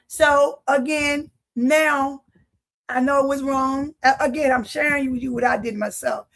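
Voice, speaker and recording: A woman's voice: high voice, steady tone, a little slow, gravelly, a bit bright. A woman giving a personal faith testimony, telling her story vividly and speaking straight to her listeners like a preacher. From Philadelphia. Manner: vivid storyteller, acts out dialogue; preacherly, addresses audience directly.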